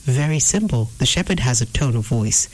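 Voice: mid-range voice, expressive, moderate pace, poor audio. A preacher teaching an informal sermon, earnest and repeating phrases for emphasis. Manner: acts out inner voices in quotes. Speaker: preacher answering a viewer question.

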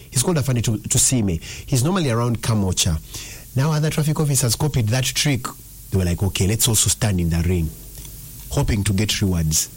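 Young man, drive-time radio host, husky voice, swings his pitch all over as he tells stories. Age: young adult. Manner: chatty storytelling, animated pitch swings. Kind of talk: casual radio talk. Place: radio studio.

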